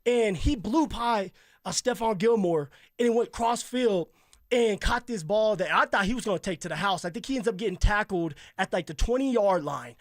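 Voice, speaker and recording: A man who co-hosts a sports radio show, a former pro football player telling animated stories in casual talk. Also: sits high, normal speed, dry recording, studio quality. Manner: animated, laughing storyteller. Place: radio studio.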